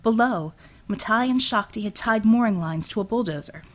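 A woman narrating an audiobook in an expressive, animated storytelling manner. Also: mid-range voice, normal speed.

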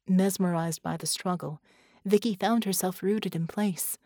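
A woman narrating an audiobook in a calm, measured voice of middle pitch. She reads slowly, and the recording is dry and close, with no room sound. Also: dry recording. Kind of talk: scripted narration.

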